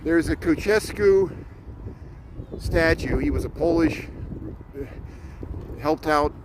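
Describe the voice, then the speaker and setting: A man's voice: on the high side, takes it slowly. A man, chatting casually as he livestreams a bike tour along a city lakefront and points out the sights as he rides. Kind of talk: casual live tour commentary. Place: outdoors by a city lakefront harbor, riding a bike. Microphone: camera mounted on a bike. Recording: outdoor wind and traffic noise. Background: wind noise from riding.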